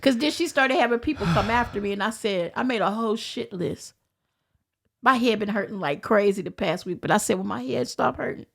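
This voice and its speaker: A woman with a Southern American accent, a podcast guest telling stories in casual chat, animated and profane. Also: medium pitch, a little fast, vocal fry.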